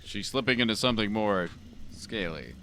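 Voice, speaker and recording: A man's voice: on the low side, animated, normal speed, fairly bright tone, a little hiss or hum. A man playing a tabletop game, making dry wisecracks. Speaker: player.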